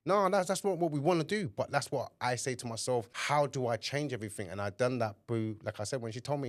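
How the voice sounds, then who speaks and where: A man's voice: medium pitch, fast, hardly any pauses, no room sound, studio quality. A man co-hosting a podcast, talking frankly in slang and acting out his own inner voice. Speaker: podcast co-host. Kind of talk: candid conversation.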